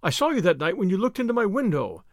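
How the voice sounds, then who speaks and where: A man's voice: sits high, big pitch swings, quick pace, no echo, clean studio sound. A man voicing a firm, earnest male friend in an audiobook reading.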